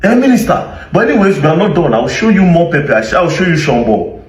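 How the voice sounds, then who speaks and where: A combative Nigerian man rants in sarcastic commentary, his fairly high voice swinging widely up and down. He sounds set back from the mic in an echoey room. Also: animated, fast, distant mic. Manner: sarcastic, combative, full of rhetorical questions. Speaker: social media commentator. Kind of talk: ranting commentary to camera.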